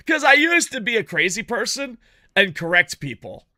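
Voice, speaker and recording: A man streaming a video game, chatting casually with viewers in a profane, rambling, animated way. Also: sits high, measured pace, no echo, clean studio sound. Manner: chats with viewers while playing. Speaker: gaming streamer. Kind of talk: casual live-stream chat over gameplay.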